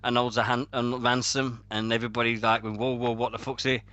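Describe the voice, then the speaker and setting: A man's voice: mid-range voice, brisk, highs cut off. A man, hosting a casual wrestling radio show and telling stories with lots of swearing and laughter. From Sheffield, England. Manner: animated storytelling with heavy swearing and laughter. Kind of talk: casual chat.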